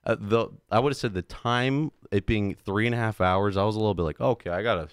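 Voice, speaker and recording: Lage mannenstem, enthousiast vertellend. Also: male voice, lowish voice, quick pace, smooth, dry recording, studio quality. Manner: animated storyteller, slips into mobster impressions. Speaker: podcast co-host. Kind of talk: casual chat.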